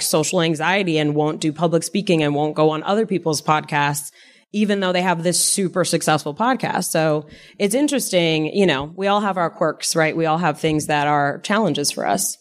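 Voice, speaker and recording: A woman co-hosting a podcast, chatting casually and laughing easily. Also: on the low side. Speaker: podcast co-host. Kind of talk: casual conversation.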